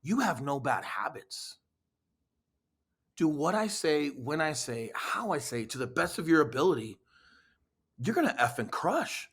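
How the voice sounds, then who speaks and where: Man doing a gruff drill instructor, clipped orders, slightly high voice. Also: sing-song, a little slow, long pauses, a bit bright, exaggerated voice. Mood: firm encouragement. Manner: blunt, clipped commands. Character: stern male boot camp drill instructor.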